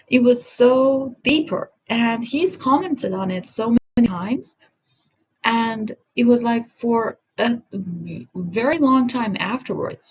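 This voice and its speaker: Rambling, husky-voiced woman vlogger. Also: a little high, poor audio. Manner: rambling, self-correcting and apologetic. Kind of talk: casual commentary vlog. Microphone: home recording setup.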